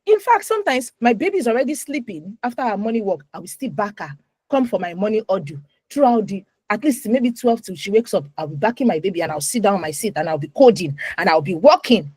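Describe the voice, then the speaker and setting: A woman in her thirties giving an animated, emphatic talk to a moms' group on a video call. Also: medium pitch, quick pace, breathy edge, dry recording, rough recording. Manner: animated, emphatic, with repetitions and acted asides. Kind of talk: live online talk.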